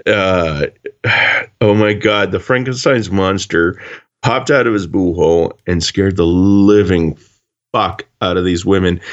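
Low-voiced, swearing man on a dull recording. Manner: profane, animated storytelling. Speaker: podcast co-host. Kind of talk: casual chat.

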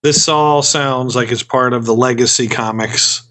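A man co-hosting a podcast, chatting casually and recalling facts with loose, halting phrasing. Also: mid-range voice, steady tone, sharp tone. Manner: loose, hesitant recall with fillers. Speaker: podcast co-host. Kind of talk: casual chat.

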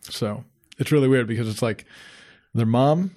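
With a warm, mid-range voice and a moderate pace, this podcast co-host keeps the conversation relaxed. He comes across as agreeable and easygoing throughout the casual chat.

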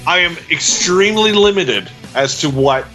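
A man co-hosting a laid-back podcast, his fairly high voice bright and forceful as he rants with plenty of swearing. His pitch swings widely as he gets going. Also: normal speed, soft background music. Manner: profane, ranting, animated. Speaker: podcast co-host. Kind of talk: casual podcast chat.

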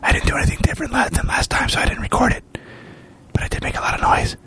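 A man hosting a podcast who whispers a quick update so as not to wake a sleeping guest. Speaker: podcast host, home brewer.

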